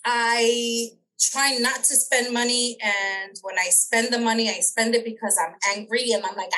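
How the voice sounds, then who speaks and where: A middle-aged woman appears as a podcast guest, telling a personal story in a casual interview. She is animated, laughs often and acts out the voices of people she quotes. Her voice is a little high, at normal speed with few pauses, and the audio quality is poor.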